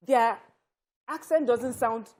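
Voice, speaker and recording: Animated Nigerian woman panelist. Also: on the high side, slow. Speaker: talk show panelist. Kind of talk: studio panel discussion.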